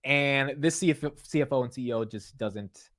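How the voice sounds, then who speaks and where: A young man talks through a company's results in casual, blunt commentary, his voice sitting at a middle pitch. He gets animated and restarts his sentences often, filling the gaps with "uh" and "like". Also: moderate pace. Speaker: investing commentator.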